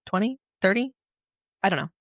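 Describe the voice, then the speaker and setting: A young woman co-hosting a podcast, telling stories in an animated, casual way and swearing freely. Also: medium pitch, moderate pace, dry recording. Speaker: podcast co-host. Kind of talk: casual chat.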